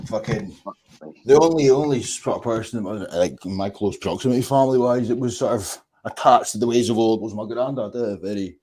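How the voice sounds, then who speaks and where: A man's voice: lowish voice, mellow, poor audio. A man with a Scottish accent, chatting bluntly on an online call, swearing freely. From Scotland. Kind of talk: casual online chat.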